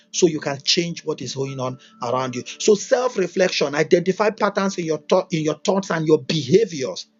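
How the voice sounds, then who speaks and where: Livestreaming a motivational talk, a man speaks in a high-pitched voice with a breathy edge, emphatic and repetitive, firing off rhetorical questions. He's a motivational teacher, and the recording is dull and lo-fi.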